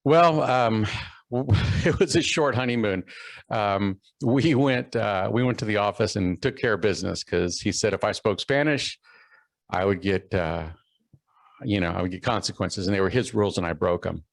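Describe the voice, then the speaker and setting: Low gravelly man telling his story. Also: normal speed, no echo, rough recording. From Texas. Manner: storytelling with many fillers and restarts, acting out quoted voices. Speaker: keynote speaker. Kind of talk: personal story in a keynote talk.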